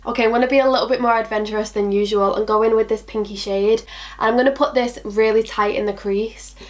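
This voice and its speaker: A young woman chats through a makeup tutorial in a bubbly, rambling way. Her voice sits a little high. She often talks to herself and to her products as she works. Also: steady tone, fast talker. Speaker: beauty vlogger. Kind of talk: casual makeup tutorial chat.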